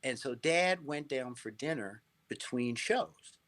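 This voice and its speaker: Animated middle-aged male storyteller. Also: medium pitch, slow pace. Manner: animated storyteller, repeats and restarts phrases, checks in with "right?". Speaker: interview guest. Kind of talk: casual interview storytelling.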